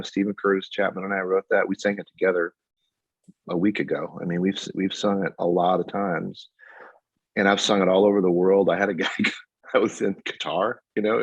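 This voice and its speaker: In dull lo-fi audio with no room sound, a guest songwriter in his fifties spins animated stories during a casual interview and laughs a lot. His voice is low-pitched and husky.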